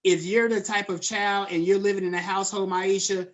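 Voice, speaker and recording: A male college lecturer teaches a class over a video call. He talks casually and loosely, checks in with his students by name, and leans on frequent fillers. The delivery stays relaxed and conversational throughout. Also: high-pitched, brisk.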